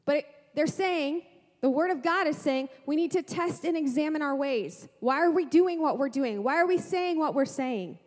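A woman pastor preaching a sermon to a congregation, lively, asking rhetorical questions and making playful asides. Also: sits high, moderate pace, in a large hall.

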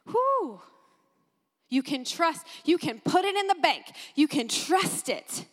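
Woman, sermon, high voice, emphatic repetition, reverberant space. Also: unhurried. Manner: animated, exclaims and repeats phrases for emphasis. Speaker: pastor.

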